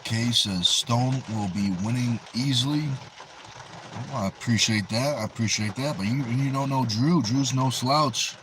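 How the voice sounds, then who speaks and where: A man's voice: mid-range voice, measured pace, background noise. A man with a New England accent hosting a livestream, casually reading viewers' chat messages aloud and answering them. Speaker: livestream host.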